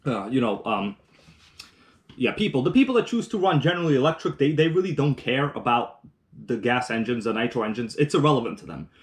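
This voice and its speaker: A man's voice: medium pitch, expressive, fairly quick. A man hosting a casual live stream, chatting while eating and reading viewer comments aloud, rambling with restarts. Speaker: livestream host.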